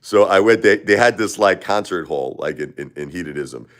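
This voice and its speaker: A man's voice: deep voice, animated, normal speed. A man hosting a live stream, telling a casual, rambling story full of asides and "you know"s. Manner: rambling, digressive, frequent "you know" and "right?".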